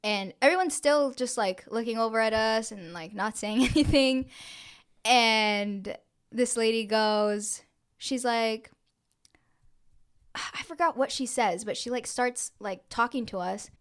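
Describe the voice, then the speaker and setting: With a fairly high, clean voice and a measured pace, this young podcast co-host relates a story during a relaxed chat, swearing without restraint and voicing the characters' lines herself.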